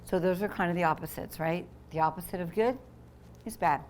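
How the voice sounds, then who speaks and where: A woman teacher reading a picture book aloud to young children, pausing to explain words and voicing the sound effects with lively expression. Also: fairly low pitch, slight background noise.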